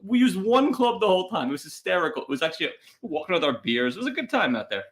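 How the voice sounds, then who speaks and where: A man's voice: high voice, very animated, quick pace. A man co-hosting a podcast in casual chat, telling rambling, wry stories. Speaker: podcast co-host.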